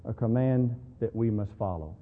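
A man preaching a sermon, moving between quiet talk and loud, slow emphasis on key words. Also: fairly low pitch. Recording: tinny phone-like sound in a reverberant hall.

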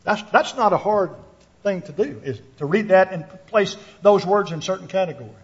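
A man's voice: sits high, expressive, normal speed. A man preaching a sermon to his congregation, earnest, restarting his words and putting questions to the listeners. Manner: earnest, repeats words while thinking, asks the listeners questions. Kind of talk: sermon with scripture reading. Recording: dull lo-fi recording.

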